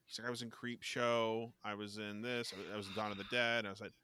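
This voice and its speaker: A man co-hosting a casual podcast, telling animated stories and mimicking other people's voices, with casual swearing. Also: fairly low pitch, fast, smooth. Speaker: podcast co-host. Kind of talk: casual chat, storytelling.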